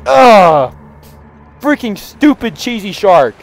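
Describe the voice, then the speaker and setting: Man, reaction commentary, excitable, laughs a lot, slow-paced, lively pitch, faint music behind. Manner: excitable, loud outbursts, frequent laughter. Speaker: YouTuber reacting to memes.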